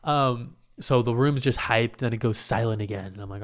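A young man casually telling a story in a rambling, profane, animated way, full of restarts. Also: mid-range voice, normal speed.

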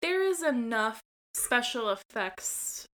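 A chatty woman co-hosts a casual podcast with a bright, forceful tone. Her voice sits a little high, and her talk is peppered with "like" and the odd swear word. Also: sing-song, takes it slowly. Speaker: podcast co-host. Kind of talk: casual chat.

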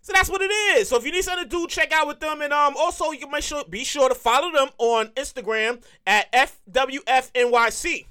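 A man hosting a podcast as a comedic monologue, animated and prone to repeating words and laughing at his own stories. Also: very high voice, fairly quick, hardly any pauses. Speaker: podcast host.

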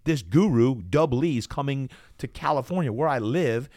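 A middle-aged New Jersey man, a fitness coach appearing as a podcast guest, tells a personal story with lots of energy, animatedly acting out quoted dialogue. His mid-range voice moves at normal speed, recorded with clean studio sound and no echo.

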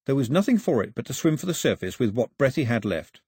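Husky, expressive male audiobook narrator. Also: mid-range voice, quick pace, no echo, clean studio sound. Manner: expressive storytelling.

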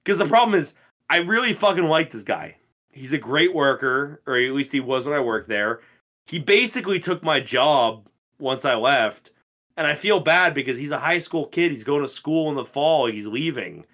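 A man in his twenties co-hosting a podcast, telling stories in a casual, profane and animated way. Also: a little high, normal speed. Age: 20s. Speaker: podcast co-host. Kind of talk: casual chat.

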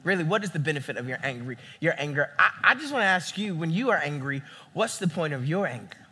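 A young man preaching a sermon as a campus pastor, animated and acting out the people he quotes. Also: a little high, fast talker, breathy edge. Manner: animated, acts out quoted voices.

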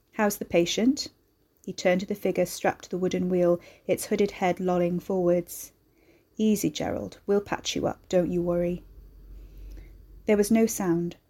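A woman reading scripted horror story narration in a measured, deliberate way. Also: lowish voice, dark tone.

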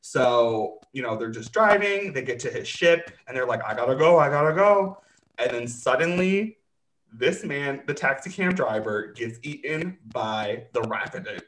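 A man talks through a show recap in casual chat, his pitch leaping up and down as he acts out characters and swears freely. His voice is bright and forward. The room around him rings with noticeable echo. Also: lively intonation, a little slow, a little hiss or hum. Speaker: podcast host recapping a show.

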